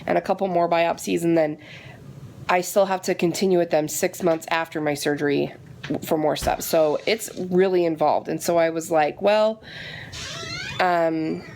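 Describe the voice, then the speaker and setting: A woman vlogging casually and retelling her day in a chatty, animated way, with a frustrated edge. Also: lowish voice, moderate pace, vocal fry, slight background noise. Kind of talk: casual vlog chat.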